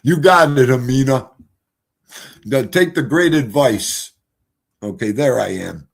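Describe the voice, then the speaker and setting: A middle-aged man telling stories casually on a livestream, animated, swinging from loud exclamations to quiet mutters. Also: mid-range voice, slow pace, gravelly, husky. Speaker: streamer.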